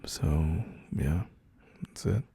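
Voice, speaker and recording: A man speaking softly and soothingly as a caring boyfriend in a whispered role-play. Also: rumbling low, gravelly, husky, dry recording. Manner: soft, slow, soothing reassurance.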